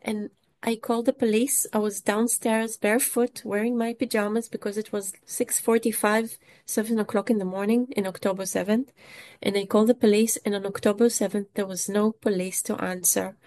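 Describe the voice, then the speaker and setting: A woman, an English speaker, giving an emotional first-person testimony in a halting way, often repeating and restarting words. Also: mid-range voice, little pitch movement, darkish tone.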